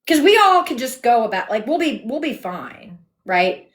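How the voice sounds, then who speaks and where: A fairly high-voiced woman runs a heated live debate from home on her phone. She is firm and sarcastic, cutting in over her guest and keeping control of the stream. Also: very animated, normal speed. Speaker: livestream host.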